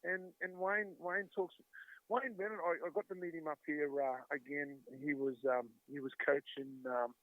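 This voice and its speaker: A man's voice: on the high side, level tone, moderate pace, no room sound. A man in his fifties with an Australian accent, a former player telling chatty anecdotes in an interview, acting out the voices he quotes. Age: 50s. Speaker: guest, former rugby league player. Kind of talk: storytelling interview talk. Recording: dry, tinny phone-like line.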